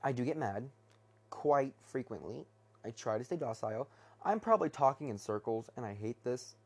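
A man's voice: mid-range voice, expressive, moderate pace, breathy edge. A young man hosting his first solo talk episode, rambling hesitantly from his bedroom with many fillers and restarts. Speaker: podcast host.

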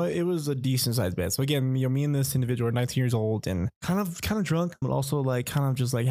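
A man's voice: mid-range voice, creaky, dark tone, no room sound. A young man casually telling a long personal story, rambling and profane, full of fillers like "like" and "you know.".

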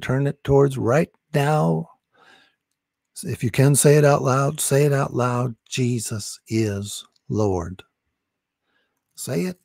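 A man's voice: mid-range voice, gravelly, darkish tone, dry recording, studio quality. A man preaching urgently about salvation and deliverance, pressing the listener to repeat a confession of faith. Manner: urgent, insistent, repetitive exhortation.

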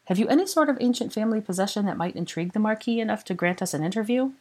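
Woman putting on a brisk, bookish young witch. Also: mid-range voice, animated, a little mellow, pitched above the performer's own voice, close to an everyday voice. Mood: probing.

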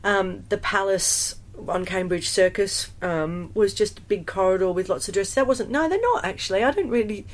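A woman, a musical theatre performer chatting in an interview, animated and full of fillers and restarts. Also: mid-range voice, normal speed, hardly any pauses. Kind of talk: casual interview storytelling.

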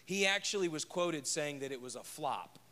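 A man's voice: a little high, lively intonation, normal speed, bright, forceful tone. A man preaching a conversational sermon as pastor, joking and telling stories from home. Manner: chatty and joking, tells personal stories.

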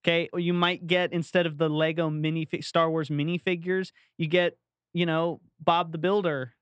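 Smooth-voiced man telling a story. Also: fairly high pitch, little pitch movement, normal speed, a bit bright, no echo, clean studio sound. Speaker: podcast co-host. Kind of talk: casual chat.

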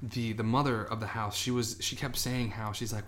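A man's voice: lowish voice, fairly even intonation, brisk, a bit bright. A man on a podcast casually telling a long, rambling story, often acting out what people said. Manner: rambling anecdotes, acts out quoted voices. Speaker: podcast co-host.

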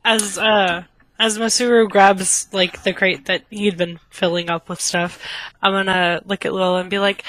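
A woman's voice: medium pitch, flat delivery, measured pace, fairly bright tone, no room sound. A woman casually describes her character's actions at a tabletop game with small fillers. Her voice is in a middle range and recorded close and dry. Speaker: player.

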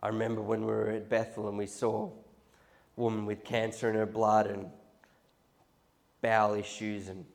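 Man, pastor preaching, lowish voice, storytelling sermon with restarts. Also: moderate pace, vocal fry, pauses often. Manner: storytelling, animated, restarts and repeats.

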